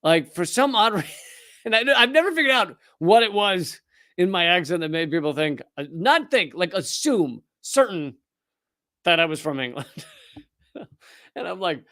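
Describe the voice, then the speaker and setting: A man with a Southern US accent hosts a live commentary stream, sardonic and quick, often breaking off and restarting his sentences. His voice sits a little high for a man and sounds smooth and resonant. It is close-miked and dry. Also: expressive, sharp tone, no room sound. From Richmond, Virginia, US. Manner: sardonic, rapid and conversational with frequent restarts.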